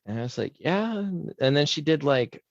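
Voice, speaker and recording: A man's voice: a little high, expressive, normal speed, dry recording, muffled recording. A man co-hosting a podcast, casually telling rambling stories and acting out what people said. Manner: rambling storyteller, acts out quotes. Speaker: podcast co-host. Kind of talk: casual chat.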